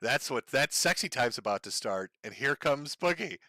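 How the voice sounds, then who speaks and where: A man's voice: mid-range voice, animated, moderate pace, sharp tone, no room sound. A man hosting a live stream who gives sarcastic, profane commentary on clips and often breaks into laughter. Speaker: stream host.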